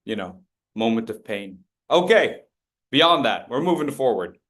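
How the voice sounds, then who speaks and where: A man's voice: mid-range voice, very animated, measured pace, fairly bright tone. A man presenting a public speaking workshop, joking with the audience and leading group drills. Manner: playful, jokey, leads group drills.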